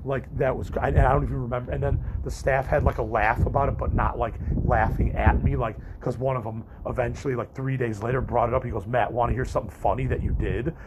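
A young man talks straight to his viewers in a loose, rambling vlog, cursing casually and restarting his thoughts often. His voice sits at an ordinary middle pitch, and a faint hum of background noise runs under it. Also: steady tone, fairly quick, hardly any pauses. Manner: candid, profane, rambling with frequent restarts and fillers. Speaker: vlogger and podcaster.

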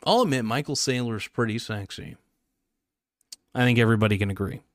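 A man's voice: mid-range voice, fairly quick, no echo, clean studio sound. A young man hosting his own podcast, chatting casually in a rambling, jokey, self-mocking way. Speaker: podcast host. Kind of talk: casual solo podcast chat.

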